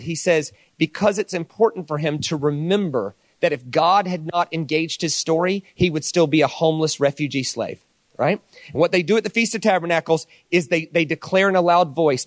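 A man preaching a sermon, telling stories with lively dialogue and playful asides. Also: fairly high pitch, no echo. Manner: animated storytelling with mock voices. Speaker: pastor.

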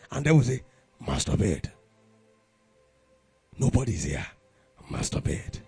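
A man with a Nigerian accent preaching a sermon to young people, impassioned and breaking into shouted exclamations. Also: on the high side, breathy edge, no room sound. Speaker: youth preacher.

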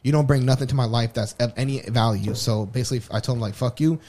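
A man's voice: medium pitch, fairly even intonation, quick pace, darkish tone. A man co-hosting a podcast, telling a personal story in a candid, rambling way full of restarts. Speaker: podcast co-host. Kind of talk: casual personal chat.

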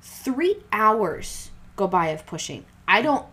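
A woman's voice: mid-range voice, big pitch swings, takes it slowly, fairly bright tone, husky. A young woman chatting casually and candidly, rambling with fillers and restarts as she tells a personal story. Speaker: podcast co-host telling her birth story. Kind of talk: casual chat.

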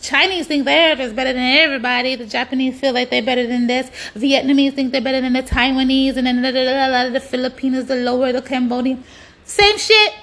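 A woman's voice: sits high, flat delivery, fast talker, few pauses, a bit bright. A woman delivering a blunt, profane ranting monologue, hammering points with repetition. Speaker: social media commentator.

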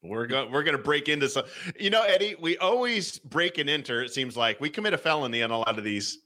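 Bright-voiced joking man reading aloud. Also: on the high side, expressive, fast. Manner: jokey, laughs often. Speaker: co-host and game reader. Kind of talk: casual chat, reading game cards aloud.

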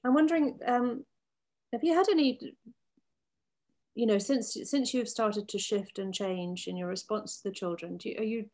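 A woman's voice: medium pitch, moderate pace, a little mellow. A woman interviewing a guest, asking her questions tentatively and with careful phrasing.

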